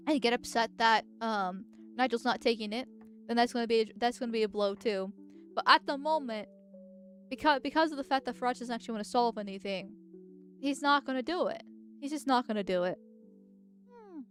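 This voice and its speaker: A woman hosts a casual livestream, talking in a chatty, blunt way with sighs and laughs. Her voice sits fairly high. Faint music plays underneath. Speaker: vtuber host. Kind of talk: casual political commentary livestream.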